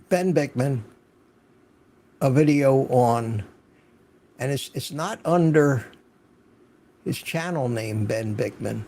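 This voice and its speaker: A man's voice: mid-range voice, mellow. An older man hosting a live stream, chatting casually, greeting viewers by name and repeating words for stress. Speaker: host. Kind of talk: casual livestream chat.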